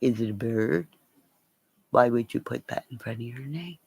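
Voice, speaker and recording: A woman's voice: extremely low pitch, normal speed, vocal fry, darkish tone, breathy edge, no echo. A woman rambling and swearing in a casual livestream chat with her viewers, laughing often.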